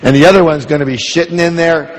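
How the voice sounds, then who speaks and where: A man's voice: on the high side, fairly even intonation, quick pace, slight background noise. A man giving a motivational seminar talk in a large hall, driving the audience with call-and-response questions. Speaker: motivational speaker.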